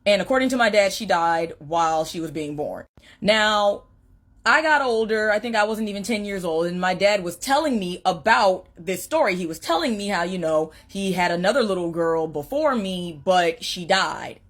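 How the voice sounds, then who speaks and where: A woman's voice: mid-range voice, animated, moderate pace, a bit bright. A woman telling a story to her followers in a chatty way with a dramatic build-up.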